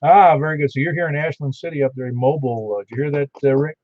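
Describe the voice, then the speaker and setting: A man's voice: a little high, steady tone, quick pace. A man running an amateur radio net, chatting casually with callers and reading out call signs in a folksy way. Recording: dull lo-fi radio audio.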